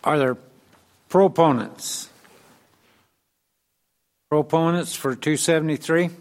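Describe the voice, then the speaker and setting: Slow-talking man chairing a hearing. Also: on the high side, darkish tone. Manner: slow, brief procedural calls. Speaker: committee chair.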